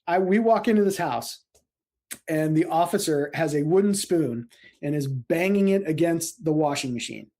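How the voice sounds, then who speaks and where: Mellow-voiced man telling stories. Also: fairly high pitch, moderate pace. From central Illinois, US. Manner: animated, laughs often, acts out quotes. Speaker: guest, paramedic and screenwriter. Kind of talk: casual storytelling interview.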